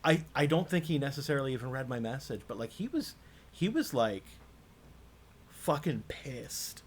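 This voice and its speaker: A man co-hosting a podcast, telling a story in a casual, profane, animated way and mimicking the people in it. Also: mid-range voice, normal speed, a little hiss or hum. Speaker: podcast co-host. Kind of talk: casual chat.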